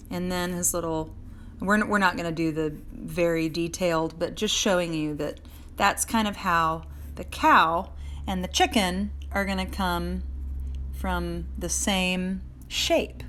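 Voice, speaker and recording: A woman's voice: on the low side, a bit bright. Woman, friendly art teacher, drawing lesson on a handheld phone, light background hiss. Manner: chatty, encouraging, talks while drawing and answers viewers by name. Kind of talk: live drawing lesson for children. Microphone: phone held in hand.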